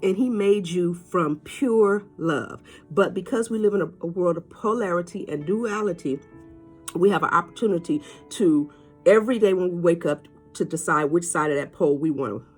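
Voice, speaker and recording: A woman giving a casual inspirational talk, animated and repetitive, often jumping up in pitch to act out what people say, with faint music behind her. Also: normal speed, breathy edge. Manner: animated, jumps high in pitch when quoting people, laughs often; preachy, repeats phrases, talks to listeners as y'all. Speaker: motivational speaker.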